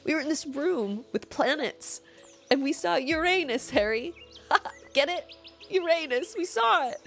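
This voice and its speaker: A woman's voice: lively intonation, a little slow, fairly bright tone, faint music behind, heavily acted. A woman doing a giggly dazed teen boy wizard. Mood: giddy. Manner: giddy, high, breaking into laughs.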